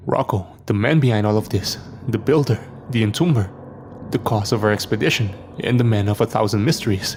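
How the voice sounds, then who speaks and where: A man narrating a scripted horror story in a dramatic, measured way. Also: on the low side, gravelly, slight background noise. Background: soft background music.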